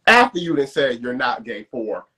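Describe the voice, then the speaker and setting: A man's voice: medium pitch, very animated, normal speed, bright, forceful tone. A man co-hosting a live stream, asking questions in casual chat with lots of hesitant fillers. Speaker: co-host on a dual live stream.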